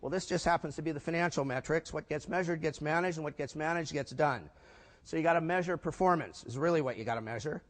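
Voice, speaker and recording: In an echoey conference hall, an older keynote speaker from the United States delivers a punchy business talk. He speaks quickly in a fairly high voice, tossing rhetorical questions to the crowd.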